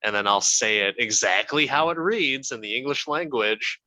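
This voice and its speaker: A man's voice: medium pitch, lively intonation, moderate pace, bright, forceful tone, dry recording, low-quality recording. A man co-hosting a podcast, chatting casually about a film and joking, swearing freely. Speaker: podcast co-host. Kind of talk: casual movie review chat.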